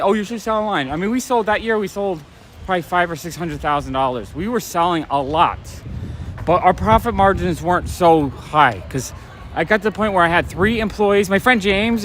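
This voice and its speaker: A man's voice: sits high, a bit bright. A man chatting casually while walking and live-streaming, talking in a rambling way and getting a little out of breath. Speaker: comic shop owner vlogger. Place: outdoors on a rainy city street at night. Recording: faint street and traffic noise.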